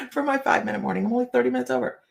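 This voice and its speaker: A middle-aged woman with a fairly high voice and some vocal fry hosts a casual live chat. She reads tarot cards on her livestream, greets viewers by name, and laughs a lot.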